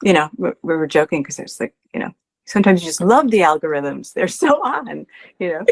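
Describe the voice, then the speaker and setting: A woman guest, nervous and excited, talking in halting bursts before her session. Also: fairly low pitch, vocal fry. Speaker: session participant. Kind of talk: casual chat.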